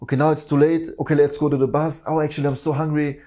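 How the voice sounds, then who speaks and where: A man voicing the frantic inner voice of someone rushing through his morning, with hurried, fretful self-talk. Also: a little high, flat delivery, warm tone, lightly acted.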